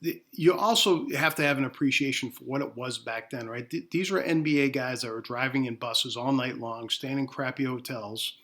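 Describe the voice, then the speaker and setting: A man's voice: medium pitch, normal speed, few pauses, a bit bright. Man, podcast co-host, casual debate, earnest, restarts words. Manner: earnest, restarts words when making a point. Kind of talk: casual sports debate chat.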